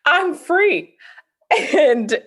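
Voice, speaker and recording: An expressive woman poet talks and recites her verse, with a lively, swooping pitch. She speaks at an unhurried pace and laughs easily. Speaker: guest, poet and author. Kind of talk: conversational interview and poetry reading.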